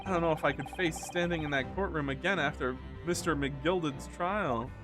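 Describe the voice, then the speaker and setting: A man's voice: a little high, normal speed, lightly acted. Nervous, stammering young lawyer, voiced by a male streamer, game music behind. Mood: unsure. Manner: hesitant, stammering. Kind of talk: reading game dialogue aloud.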